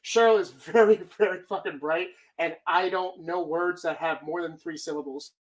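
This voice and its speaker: A woman's voice: lowish voice, steady tone, moderate pace. A woman hosting a live stream, talking casually in a rambling, profane way. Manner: rambling, heavy swearing. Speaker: streamer host.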